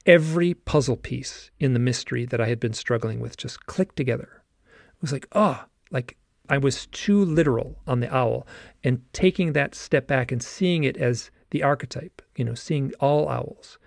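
A man hosting a long-form conversation, telling a personal story in an earnest, meandering way. His voice has a gravelly edge and sits at an ordinary pitch. The recording sounds dry and close. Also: lively intonation, normal speed, dry recording. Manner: earnest, storytelling with many fillers. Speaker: podcast host. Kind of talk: conversational interview.

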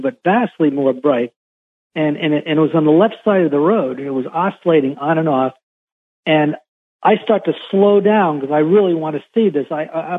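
A husky-voiced man tells his story over a tinny phone line into a radio show. His voice sits a little high for a man, and he stumbles and repeats words as he works through a long first-person account. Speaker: caller recounting a UFO encounter.

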